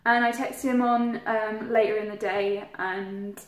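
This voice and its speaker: A woman's voice: medium pitch, steady tone, unhurried. A young woman vlogging, telling a story in a chatty, giggly, rambling way with lots of fillers. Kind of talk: casual storytelling to camera. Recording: roomy echo.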